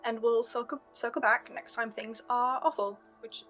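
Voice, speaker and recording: Woman player, a bit higher voice, chatty and jokey, self-deprecating. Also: normal speed, fairly bright tone, soft background music. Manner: rambling, joking, self-deprecating. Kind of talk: casual chat and table talk.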